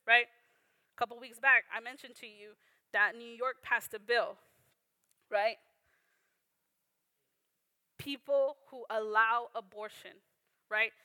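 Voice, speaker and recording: A woman's voice: high-pitched, bright, forceful tone, clear, resonant tone, no room sound. A young woman teaching a Bible lesson in an earnest, conversational way, often checking in with "right?". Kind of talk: sermon.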